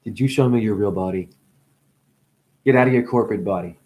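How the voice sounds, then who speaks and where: A man's voice: on the low side, a little fast, dark tone. A man giving a rambling spiritual monologue, free-associating with wordplay, swearing often and breaking into laughter. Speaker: self-styled spiritual teacher.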